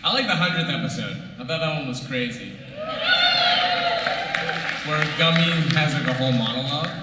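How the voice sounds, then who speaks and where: A man's voice: a little high, expressive, moderate pace, over a noisy crowd. A man voice actor chatting casually and playfully on a convention panel. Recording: echoey convention hall, distant mic, noisy.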